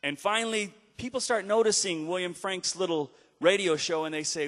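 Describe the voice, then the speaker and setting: A fairly high-voiced man preaches through a story, driving points home loudly, then dropping to a hush. His voice hangs in a hall with a long, trailing reverb. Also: moderate pace. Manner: emphatic, swings from loud exhortation to hushed retelling. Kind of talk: storytelling sermon.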